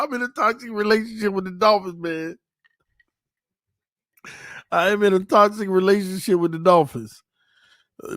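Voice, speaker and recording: Brief: a slightly tipsy man, playful fan host, fairly high-pitched, laughs a lot. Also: no room sound, clean studio sound. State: a little tipsy. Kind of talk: casual livestream chat.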